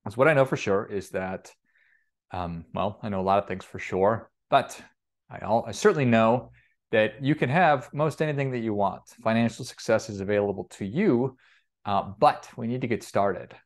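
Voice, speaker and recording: Pitched on the low side and moving at a moderate pace, a man gives an energetic, upbeat motivational talk on personal finance, often restarting phrases and going over the same points again.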